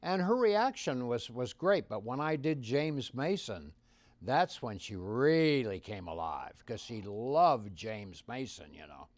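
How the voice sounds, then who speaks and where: A man's voice: medium pitch, takes it slowly, no room sound. Older guy spinning showbiz stories, voice jumps all over, dry close sound. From Canada. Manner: animated storyteller, swings loud and soft. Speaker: impressionist guest. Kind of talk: anecdotal interview storytelling.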